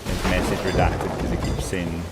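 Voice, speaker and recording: A man's voice: low-pitched, monotone, moderate pace, over loud music. A man streaming a game who reads out viewers' messages in a chatty, teasing way and laughs often. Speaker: streamer reading out chat. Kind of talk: casual gaming stream chat.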